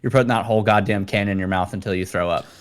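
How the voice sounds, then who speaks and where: A man with a lowish voice trades crude, rambling barracks stories on a podcast, full of swearing and filler. He talks loosely and casually, like someone swapping war stories with a buddy. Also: fairly even intonation, very fast, clear, resonant tone. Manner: profane, storytelling, acts out quoted instructors in a louder voice. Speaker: podcast co-host. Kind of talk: casual chat.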